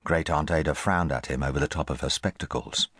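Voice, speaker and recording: A man reading a children's audiobook in scripted, expressive narration on a close studio mic. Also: very deep voice, a little fast, breathy edge, dry recording. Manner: expressive storytelling.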